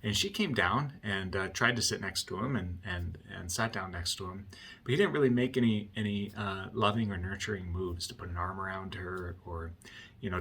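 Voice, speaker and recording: A man's voice: deep voice, fairly bright tone, husky. A man working as a marriage counselor, explaining a point through a client story in a conversational way and often checking in with "right?".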